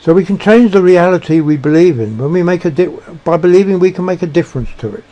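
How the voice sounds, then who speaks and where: A man giving a reflective monologue, halting and searching for words with frequent restarts. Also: high voice, expressive, dull audio. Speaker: speaker sharing personal beliefs.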